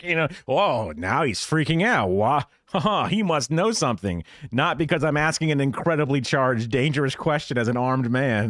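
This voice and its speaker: A man's voice: mid-range voice, lively intonation, normal speed, fairly bright tone, dry recording, studio quality. A man reacting to videos on a live stream, swearing constantly and mocking the people in the clips with put-on voices.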